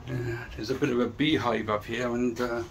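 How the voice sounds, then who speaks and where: With a noisy background behind him, a middle-aged man speaks at a fairly quick clip in a steady, mid-range voice. He's a motorcycle vlogger wandering outdoors by a church and graveyard, rambling casually and talking directly to his audience on camera.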